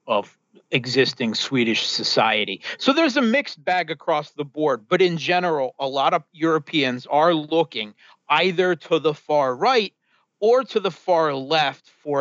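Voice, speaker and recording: A man, a guest analyst on a talk show, giving political commentary in a measured way, with many fillers and restarts. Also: medium pitch, a bit bright, no room sound, muffled recording.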